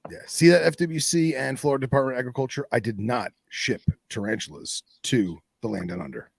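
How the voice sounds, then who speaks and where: A man hosting a podcast, telling stories in an animated way in casual chat. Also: mid-range voice, brisk, gravelly, husky, no room sound, clean studio sound. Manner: animated retelling with quoted voices. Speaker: podcast host.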